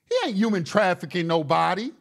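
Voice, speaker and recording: A man's voice: high-pitched, big pitch swings, brisk, vocal fry. A male talk show host delivering a heated, profane monologue, repeating words and restarting his sentences as he gets worked up.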